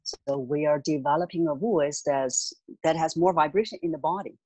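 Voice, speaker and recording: A voice coach calmly and patiently explaining voice techniques as an interview guest. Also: mid-range voice, normal speed, dry recording, rough recording. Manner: calm, patient, instructive.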